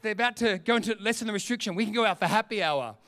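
A man's voice: high-pitched, very fast, pushed and bright. A man acting out a restless extrovert man stuck at home in lockdown, pleading and exasperated. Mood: eager.

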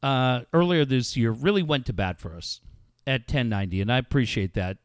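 A man's voice: mid-range voice, brisk, clear, resonant tone, no room sound, studio quality. A man hosting a sports talk show, telling stories in a casual, profane way. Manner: animated, profane storytelling. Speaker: sports radio host.

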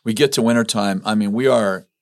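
A man's voice: brisk, dry recording, clean studio sound. Man in his sixties telling a family story. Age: 60s. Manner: animated storyteller, acts out voices in a high pitch. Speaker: business owner. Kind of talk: storytelling in casual conversation.

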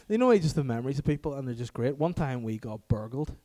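A man's voice: on the high side, expressive, normal speed, a little mellow. A young man telling rambling anecdotes in casual chat, laughing often.

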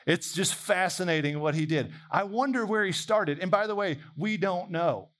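A man preaching a sermon in a conversational, animated way, imagining dialogue aloud. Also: high-pitched, moderate pace.

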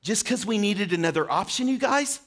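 A man's voice: high-pitched, animated, normal speed, a bit bright. A man preaching a short sermon, earnestly asking questions and speaking directly to his listeners. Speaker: pastor.

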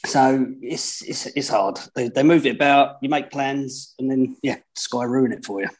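A man chatting on a casual football podcast, halting and stammering at the start of his sentences. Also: medium pitch. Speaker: podcast guest.

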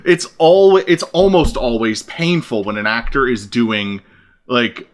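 A man's voice: mid-range voice, measured pace. A married man chatting casually on a podcast, swearing for emphasis. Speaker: podcast co-host. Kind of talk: casual chat.

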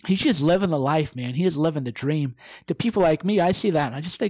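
A man's voice: fairly high pitch, expressive, a little fast, darkish tone, dry recording, low-quality recording. A middle-aged man hosting a podcast from his living room, talking in a brash, combative, profane way. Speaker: podcast host. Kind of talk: casual monologue.

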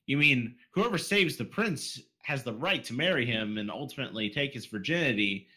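A man's voice: medium pitch, expressive, normal speed, sharp tone. A man hosting a casual podcast, reading out listener questions and swearing freely. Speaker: podcast host.

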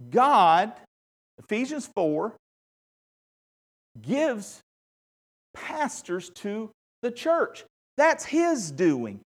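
A man, a pastor, delivering a sermon, moving between relaxed storytelling and impassioned, repetitive emphasis. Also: high voice, heavy reverb, far from the mic. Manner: conversational storytelling with fillers.

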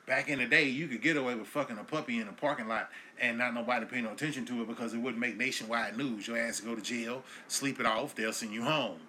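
A man in his thirties hosting his own comedy podcast, ranting profanely and swinging between low mutters and loud yelling. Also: slight background noise. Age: 30s. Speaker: podcast host.

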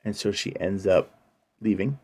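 A man's voice: sits low, normal speed, warm tone, husky. A man co-hosting a casual podcast, retelling a film's plot and acting out the characters' lines. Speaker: podcast co-host. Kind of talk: casual chat retelling a film.

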